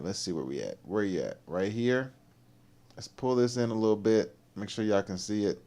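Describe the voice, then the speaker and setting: A man hosts a relaxed livestream and chats loosely between clips. He rambles, repeats himself, and drifts into upbeat life advice. His pitch sits in an ordinary middle range. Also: clean tone. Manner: laid-back, rambling, gives motivational advice. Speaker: livestream host. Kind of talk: casual livestream commentary.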